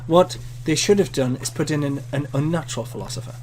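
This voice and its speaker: A man's voice: on the high side, fast talker, darkish tone, a little hiss or hum. Man making dry jokes. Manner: dry, joking remarks. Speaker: cousin and co-player. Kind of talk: casual gaming chat.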